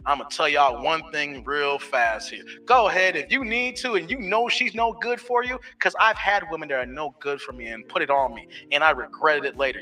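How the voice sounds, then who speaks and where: Lively guy in his 40s rambling on his live stream, high-ish bright voice, kinda far from the mic w/ faint music. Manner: loose storytelling, street slang, swearing. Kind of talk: casual live stream chat.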